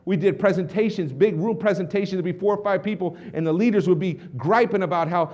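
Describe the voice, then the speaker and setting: A middle-aged man giving an intense storytelling speech as a motivational speaker, swinging between hushed confessions and loud outbursts. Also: sits high, fast talker, hardly any pauses.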